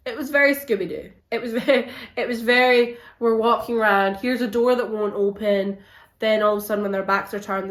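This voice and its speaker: Woman book vlogger, animated and exasperated, mid pitch, echoey room. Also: normal speed. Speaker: book reviewer. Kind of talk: casual book review vlog. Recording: roomy echo.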